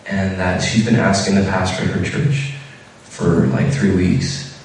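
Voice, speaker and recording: A man's voice: low-pitched, completely flat delivery, measured pace, slight background noise. A man giving an informal sermon, telling a story casually with many fillers and restarts. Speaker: preacher. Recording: echoey room heard from a distance.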